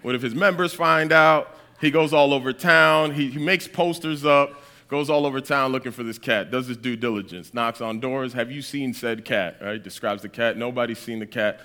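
Bright-voiced animated male preacher. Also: medium pitch, moderate pace, clear, resonant tone. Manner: animated, keeps checking in with "right?". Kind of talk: storytelling sermon.

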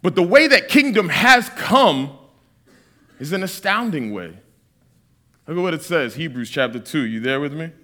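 A man in his thirties from Massachusetts preaches with a high, bright voice that leaps up and down in pitch. He reads scripture slowly, then jokes and tells stories with the room. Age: 30s. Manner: animated, joking storyteller with Bible readings. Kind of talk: sermon.

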